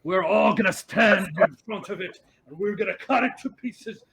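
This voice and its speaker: A man's voice: sits high, moderate pace, creaky, fairly bright tone, pitched above the performer's own voice. A man voicing a solemn male sword-and-shield warrior who gives a serious battle speech in a tabletop game. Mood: rallying.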